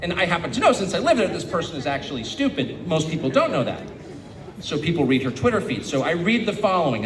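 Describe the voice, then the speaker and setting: An American man giving a public speech to an audience in a sarcastic, animated way. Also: mid-range voice. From United States. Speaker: guest speaker. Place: event venue before an audience. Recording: echoey venue, distant mic, background ambience.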